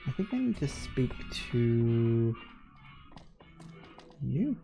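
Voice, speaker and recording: A sleepy man talks his way through a video game, half to himself, mumbling item names and drifting off into asides. His voice sits at an ordinary middle pitch, and faint music plays underneath. He keeps stifling yawns. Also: big pitch swings, drawn-out words, gravelly, warm tone. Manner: rambling, muttering to himself. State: tired, yawning. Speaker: gaming video creator. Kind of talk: let's play commentary.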